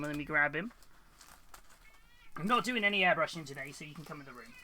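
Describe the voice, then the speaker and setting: A man's voice: on the high side, big pitch swings, moderate pace, long pauses, bright, forceful tone. A British man hosting a hobby live stream, chatting casually, greeting viewers by name and laughing often. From United Kingdom. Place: hobby room at home.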